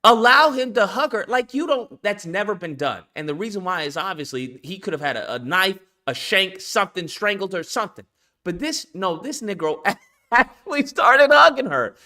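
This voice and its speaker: This host's voice sits high and moves at normal speed as he tells a story in a casual chat. Animated and emphatic, he acts out what others said.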